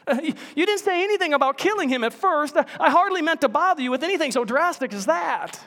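A man's voice: extremely high pitch, animated, fast, bright, forceful tone, voice pushed up, full character voice. A man voicing a thin, frightened ghost-like man who stammers and pleads as he clings to his sin. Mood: panicked pleading. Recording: long church reverb.

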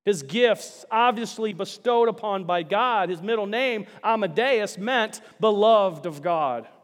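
Guy preaching in a church, highish voice, big hall reverb, gets loud then drops to almost nothing, lots of "right?". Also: animated, a little slow. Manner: emphatic, swinging between loud and hushed; rhetorical questions to the congregation. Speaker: pastor. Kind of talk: sermon. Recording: long reverb of a large hall.

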